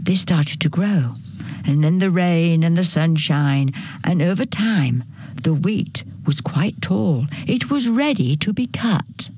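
Slow, husky woman reading a children's story. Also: on the low side, dry recording. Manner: gentle, expressive read-aloud.

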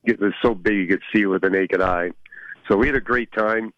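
Male interview guest, slightly low voice, dull lo-fi recording, keen explainer. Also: fairly quick, no echo. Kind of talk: interview answer. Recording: dull lo-fi phone-style audio.

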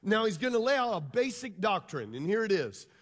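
A man's voice: high voice, sing-song, a little fast, slightly rough, big-room sound. A pastor preaching a sermon to his congregation, emphatic and drawing them into call and response. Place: church hall.

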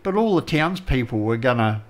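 A man's voice: mid-range voice, big pitch swings, moderate pace. A man with a blocked, nasal voice, co-hosting a casual radio chat in a rambling way, with lots of fillers. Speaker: radio co-host.

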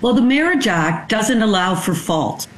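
A woman lawyer explaining the law in a brisk, matter-of-fact way as an interview guest. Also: mid-range voice, lively intonation, roomy sound, low-quality recording. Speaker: divorce lawyer. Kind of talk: expert interview.

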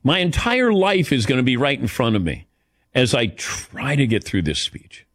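A middle-aged man hosts a call-in talk show, his pitch swinging widely as he rambles and pokes fun at himself. The sound is dry and close, with little room around his voice. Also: moderate pace, dry recording. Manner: self-deprecating, rambling, animated. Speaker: radio show host. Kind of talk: casual call-in chat.

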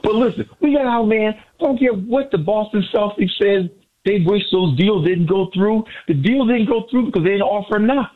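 A man calling in to a sports radio show, excited and boastful, repeating his phrases. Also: sits high, normal speed. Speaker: caller. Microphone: phone. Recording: lo-fi phone line.

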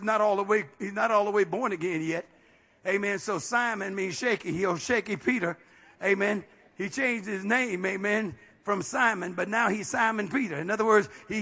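A male pastor preaching a fiery, folksy sermon, peppered with amens and rising to shouts. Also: sits high. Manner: folksy, plain-spoken.

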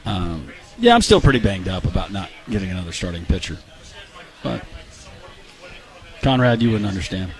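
A man co-hosting a radio show in casual banter, joking and animated. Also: deep voice. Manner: joking, animated, quick to laugh. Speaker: radio co-host.

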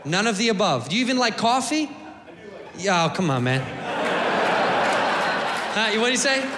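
A man doing a loud, profane stand-up set, talking straight to the audience. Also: high-pitched, normal speed, heavy background noise. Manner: loud, profane, animated, talks to the crowd. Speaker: stand-up comedian. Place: comedy club stage. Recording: echoey club with laughing crowd.

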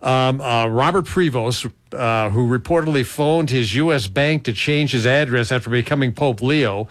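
A man's voice: medium pitch, normal speed, no echo. A man hosting a casual radio talk show, reading odd news stories with laughs and stumbles. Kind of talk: casual morning radio banter.

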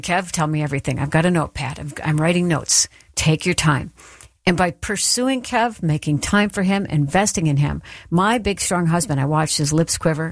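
A woman's voice: low voice, dry recording, studio quality. Earnest woman giving a devotional talk. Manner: earnest, encouraging, storytelling. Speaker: Christian speaker. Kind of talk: devotional teaching.

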